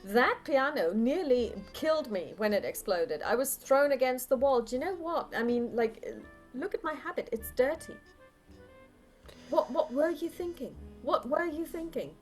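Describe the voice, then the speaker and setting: A woman voicing an indignant nun who scolds briskly and demands answers. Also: high voice, animated, soft background music, pitched above the performer's own voice. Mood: exasperated.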